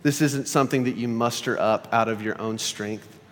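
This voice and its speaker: A pastor giving a sermon in an earnest, conversational way, often repeating phrases for emphasis. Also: male voice, medium pitch, moderate pace, big-room sound.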